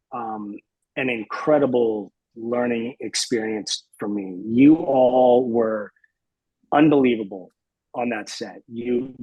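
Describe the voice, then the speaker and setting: A man's voice: mid-range voice, darkish tone, husky, no room sound, poor audio. A man in his fifties, a podcast guest reminiscing in casual chat, hesitant and rambling with many fillers.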